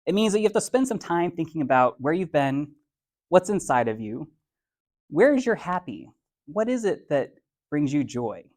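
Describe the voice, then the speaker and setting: A man's voice: on the high side, big pitch swings, normal speed, darkish tone. Playful man giving a motivational talk. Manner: conversational and playful, uses everyday slang; lays points out in numbered steps. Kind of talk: motivational speech to a live audience.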